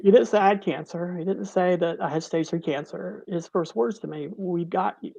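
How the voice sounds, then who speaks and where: A middle-aged cancer survivor, appearing as a guest on a talk show, tells an emotional personal story. His high, dark-toned voice carries vocal fry, and he speaks haltingly with many restarts, tearful at moments. The recording is dry.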